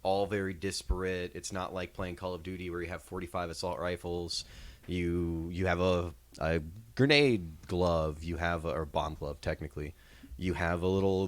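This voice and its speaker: A man co-hosting a casual podcast chat, explaining his views on a game at length. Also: low-pitched. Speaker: podcast co-host reviewing games and movies.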